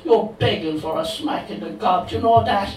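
A man voicing a blunt, rough young stable lad of the moors in a put-on Cork accent, low and gruff. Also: moderate pace, a little mellow, lightly acted. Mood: scolding. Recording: echoey room from far off, noisy.

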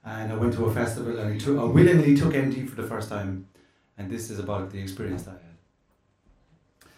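Rhythmic spoken word poet. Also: male voice, fairly low pitch, fairly quick, dark tone. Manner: rhythmic rhyming delivery with chanted refrains. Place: live venue. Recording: roomy live venue from a distance.

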